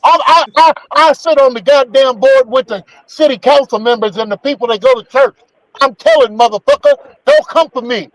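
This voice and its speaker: A man's voice: extremely high pitch, normal speed, no room sound, rough recording. A man trading brash, profane, ranting banter as a regular on a morning talk show. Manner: brash and ranting, heavy swearing.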